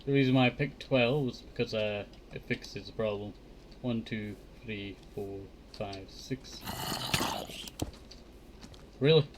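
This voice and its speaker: Slow-talking man muttering over gameplay. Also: on the low side, noisy background. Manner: mutters counts under his breath, flares up in annoyance at mobs. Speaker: Minecraft streamer. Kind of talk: casual gameplay commentary. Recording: clear keyboard clicks behind the voice.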